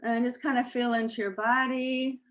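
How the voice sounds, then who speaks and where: A woman leading a Reiki meditation circle over a video call, talking gently and hesitantly with many fillers, then reciting principles slowly and calmly. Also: a little high, a little hiss or hum. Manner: slow, calm recitation.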